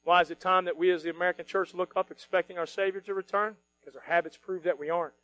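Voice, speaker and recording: High-voiced animated preacher. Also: male voice, quick pace, low-quality recording. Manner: animated, mocking voices of worried people, rising to shouts. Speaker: pastor. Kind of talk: sermon.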